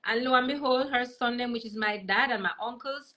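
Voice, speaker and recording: Jamaican woman, comedian guest, bright voice, a bit high, animated storyteller on a video call. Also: fairly quick, rough recording. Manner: animated, switches between patois and English. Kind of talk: casual interview, storytelling.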